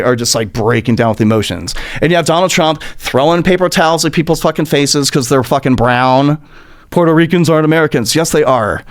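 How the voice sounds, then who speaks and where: A young adult man hosting a comedic podcast, ranting about politics in a profane, mocking way and slipping into silly put-on voices. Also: a little high. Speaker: podcast host.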